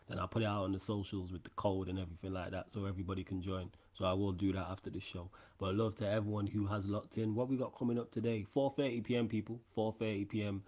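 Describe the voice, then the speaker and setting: A man's voice: lowish voice, darkish tone. A man hosting a casual sports podcast, talking in laid-back slangy banter. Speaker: podcast host. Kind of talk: casual chat.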